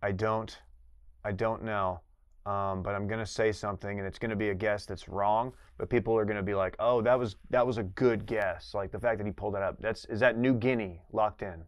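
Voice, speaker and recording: A man with a lowish voice rambles through quiz guesses and tosses off sarcastic remarks. His voice sits close and dry on the mic. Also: steady tone, a little fast, no echo. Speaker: quiz contestant. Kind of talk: casual comedic quiz banter.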